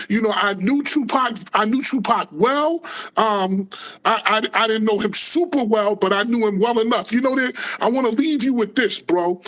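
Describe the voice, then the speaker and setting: A man, a guest in a casual interview, telling animated stories with plenty of profanity and street slang. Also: sits high.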